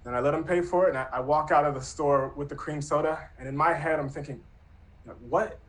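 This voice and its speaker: A man's voice: on the high side, steady tone, quick pace, low-quality recording. A man in his thirties telling a true personal story in an earnest, reflective, conversational way. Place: Brooklyn.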